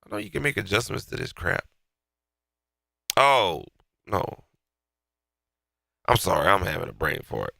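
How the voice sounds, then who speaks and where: A man's voice: sits low, big pitch swings, measured pace, creaky, pauses often, sharp tone, no room sound, clean studio sound. A man with a stuffy nose from being sick, giving a casual, slangy walkthrough of a beat mix and talking to himself as he works. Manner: loose and slangy, talking to himself while working. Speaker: beat maker walking through a mix. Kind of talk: casual mixing tutorial.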